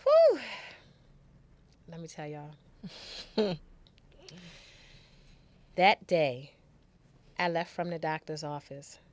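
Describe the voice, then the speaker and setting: Candid woman telling her story, lower-pitched. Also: fairly even intonation, very slow, pauses often. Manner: candid, emotional, repeats words, acts out quotes. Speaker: podcast guest storyteller. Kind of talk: emotional personal storytelling.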